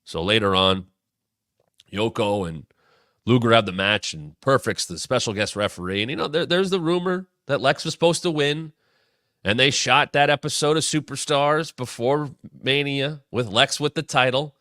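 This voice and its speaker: Bright, dry-voiced man recapping wrestling history. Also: mid-range voice, normal speed, no room sound. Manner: enthusiastic storyteller, acts out quotes with sudden bursts. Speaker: wrestling show host. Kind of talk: casual retrospective commentary.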